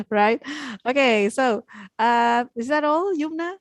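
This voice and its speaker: A woman teacher hosting a school Q&A, moderating in a brisk, friendly way. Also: high-pitched, animated, no room sound. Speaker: teacher and host.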